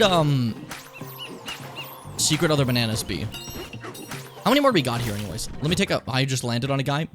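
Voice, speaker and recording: A young man casually commenting on his gameplay, rambling and swearing, with sudden high excited yelps. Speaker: streamer. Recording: game music playing behind the voice.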